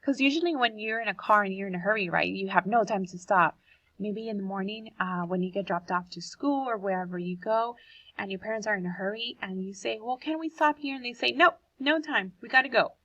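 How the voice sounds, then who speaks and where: A woman's voice: medium pitch, a little fast, fairly bright tone, no echo, highs cut off. A woman teacher reading a poem aloud to children and explaining it, asking the class questions as she goes.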